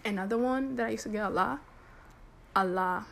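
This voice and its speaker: A woman's voice: medium pitch, fairly quick, creaky, slight background noise. Chatty young woman hosting a podcast. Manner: chatty, candid, full of "like" and restarts. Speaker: podcast host. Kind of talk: casual solo talk.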